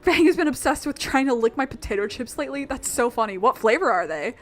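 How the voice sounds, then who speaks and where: A woman's voice: high voice, expressive, fast talker. A young woman streaming a video game, chatting casually in a rambling, giggly way. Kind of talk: casual chat while playing a video game.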